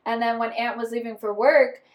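A young woman co-hosting a podcast, telling a personal story in animated casual chat. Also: on the high side, a little fast. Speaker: podcast co-host.

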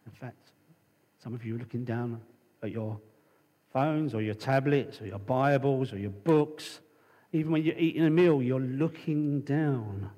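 A man's voice: medium pitch, unhurried, warm tone, long reverb tail. A male preacher giving a conversational sermon, telling stories and reading scripture.

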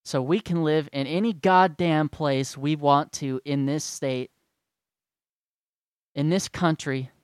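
A man's voice: fairly high pitch, fairly even intonation, slow pace, clear, resonant tone, no echo. A man ranting to his followers in a sarcastic, profane and rambling way. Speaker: vlogger. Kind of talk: profane rant to camera.

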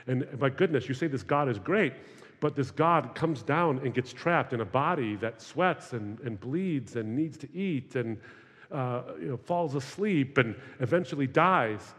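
A man in his forties speaks to a student audience, telling stories with a wry, conversational touch. His voice sits at a middle pitch. It rings out with a long reverb through a large hall. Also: animated, measured pace, a bit bright, husky. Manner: conversational storytelling with wry humor. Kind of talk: talk to students.

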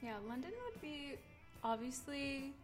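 A woman's voice: high-pitched, music in the background. Playful young woman co-host. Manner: quick to laugh, asks questions, playful. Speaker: podcast co-host. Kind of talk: casual chat.

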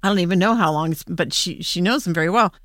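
A woman's voice: fairly low pitch, fast, a bit bright, no room sound, studio quality. A woman co-host in casual chat who laughs often. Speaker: podcast co-host.

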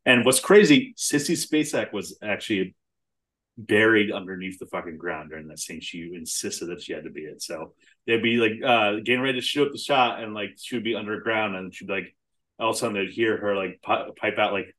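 A man's voice: lowish voice, brisk, fairly bright tone. A man co-hosting a podcast, chatting casually about a film, swearing freely and laughing often. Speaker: podcast co-host.

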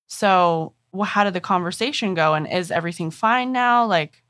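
A woman hosting a podcast, affirming her guest and asking gentle questions in a casual interview. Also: fairly low pitch, lively intonation, moderate pace, no echo, studio quality. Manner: supportive, affirming listener. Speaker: podcast host.

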